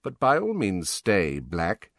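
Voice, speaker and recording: Audiobook: man reading as a sneering, waspish schoolmaster, quiet and cutting, dry close sound. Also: low-pitched, wildly swooping pitch, slow pace, no echo, full character voice.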